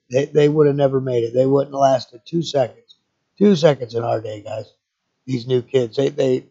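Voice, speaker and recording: A man's voice: mid-range voice, creaky, mellow, husky, highs cut off. A middle-aged man hosting a solo podcast, ranting bluntly and profanely, rambling with many restarts. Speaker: podcast host.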